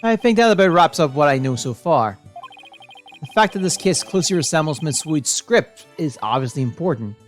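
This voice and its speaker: A woman's voice: sits low, expressive, moderate pace, faint music behind. A woman streamer reading a game's dialogue aloud on a livestream, voicing every character and laughing at her own strained voice.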